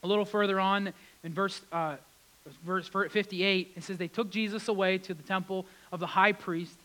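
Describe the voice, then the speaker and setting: Male pastor, bright tense voice, high pitch, animated delivery. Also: normal speed, low-quality recording. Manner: animated, acts out quotes with rising intensity. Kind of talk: sermon.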